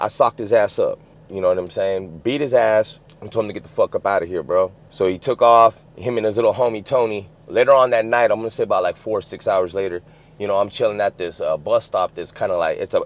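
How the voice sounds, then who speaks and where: A man's voice: on the low side, fairly quick. A man from the US West Coast telling a story in casual, streetwise slang, swearing freely and filling with "you know what I'm saying". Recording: dull lo-fi sound.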